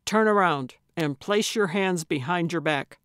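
A woman's voice: fairly low pitch, measured pace, fairly bright tone, no room sound, studio quality. A woman narrator voicing a stern, weary male sheriff's deputy who speaks curtly and firmly. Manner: curt and firm.

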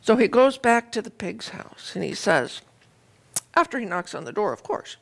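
A woman minister giving a conversational sermon, retelling a fairy tale with lively, animated storytelling. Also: medium pitch, moderate pace, gravelly.

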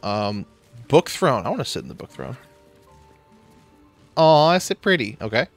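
A man's voice: medium pitch, big pitch swings, moderate pace, gravelly, soft background music. Jokey man chatting while gaming. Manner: jokey, rambling, reads in-game text aloud. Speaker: gamer playing a video game. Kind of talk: casual gameplay chat.

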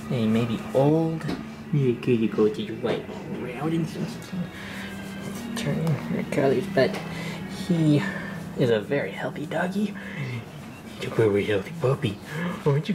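A man vlogging as he talks to his dog in soft, doting baby talk that often drops to a half-whisper, picked up by a camera microphone. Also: mid-range voice. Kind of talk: casual vlog talking to his dog. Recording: noisy home video recording.

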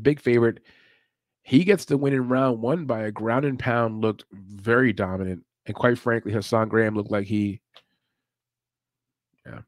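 A laid-back man talks through a live stream in loose, casual commentary, laughing often. His voice sits at an ordinary middle pitch. The sound is dry and close, with no room around it. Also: dry recording. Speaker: podcast host.

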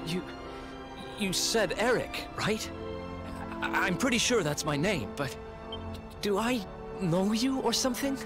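A stammering young thief with amnesia. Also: male voice, high voice, expressive, unhurried. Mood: pleading. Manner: hesitant, stammering and apologetic. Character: young male thief with lost memory, apologetic. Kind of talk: video game voice acting. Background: game music.

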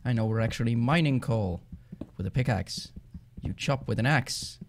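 Chatty Dutch-accented male gamer, mid-pitched, casual rambling commentary, faint hiss on the track. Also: normal speed. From Netherlands. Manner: rambling, chatty, easily excited. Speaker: gaming channel host. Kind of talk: casual let's-play commentary.

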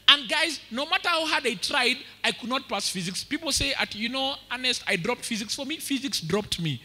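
A man with a Kenyan accent preaching a sermon, telling lively stories and mixing English with Swahili. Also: extremely high pitch, brisk. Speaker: pastor. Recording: reverberant church hall.

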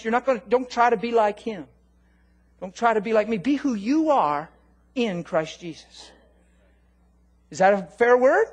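A man preaching a sermon in a church, animated, swinging from loud commands to low, quiet appeals. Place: church hall.

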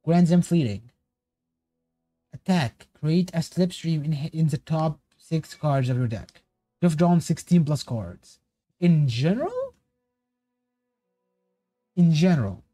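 A man's voice: on the high side, takes it slowly, pauses often, no room sound, soft background music. A man streaming a casual reaction to game cards, rambling and correcting himself as he goes. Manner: rambling, self-correcting, excitable tangents.

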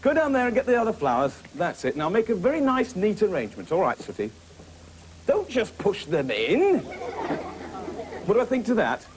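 Lively man, jovial schoolmaster banter. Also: high voice, a faint crowd, a little hiss or hum. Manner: brisk, jovial, schoolmasterly scolding. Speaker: puppeteer host playing a teacher. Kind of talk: children's puppet comedy.

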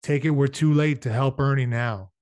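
A man reading aloud and voicing a calm, steady farmer and father who speaks quietly. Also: medium pitch, moderate pace, natural voice.

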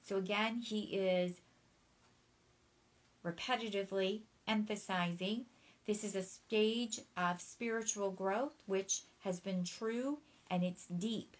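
A woman's voice: medium pitch, slow, rough recording. A woman preaching a sermon, teaching in an emphatic way, repeating her key phrases and spelling out words for note-takers.

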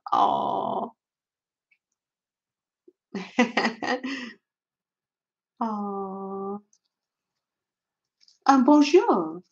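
An older woman hosting a craft livestream, chatting casually with viewers and greeting them with many soft "oh"s and little laughs. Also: fairly high pitch, muffled recording.

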